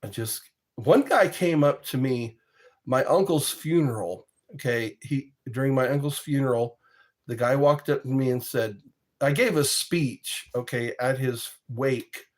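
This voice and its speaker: A man spins casual, rambling anecdotes for his vlog at an unhurried pace. He chuckles often and breaks off to restart his sentences. His voice sits in a middle pitch. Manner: rambling, chuckling, self-interrupting. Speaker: vlogger. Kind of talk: casual storytelling monologue.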